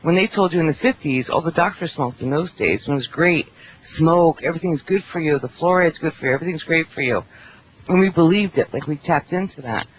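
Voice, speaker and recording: A woman's voice: low-pitched, a little fast. A woman chatting bluntly and at length on a roundtable talk show. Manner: blunt, talkative, quotes people in animated voices. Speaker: panelist. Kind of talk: casual roundtable chat. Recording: dull internet radio with faint hiss.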